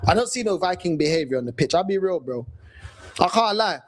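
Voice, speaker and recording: Man, London accent, high voice, casual mocking rant, slangy. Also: expressive, brisk. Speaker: fan channel host.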